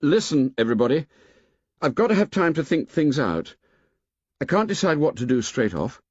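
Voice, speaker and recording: A man reading an audiobook and voicing an earnest, eager boy leader who talks quickly. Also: fairly high pitch, very animated, a little mellow, breathy edge, no echo, muffled recording, voice pushed up.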